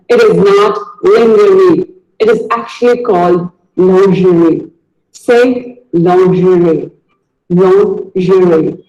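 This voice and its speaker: A man teaching pronunciation in a video lesson, deliberately saying each word and repeating it as a drill. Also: high voice, darkish tone, reverberant, dull audio.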